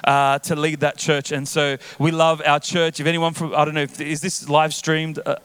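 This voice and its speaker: A man's voice: fairly high pitch, flat delivery, normal speed, a bit bright, smooth, dry recording. A man in his thirties, a guest pastor preaching to a church crowd and joking with it. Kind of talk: sermon. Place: large church auditorium.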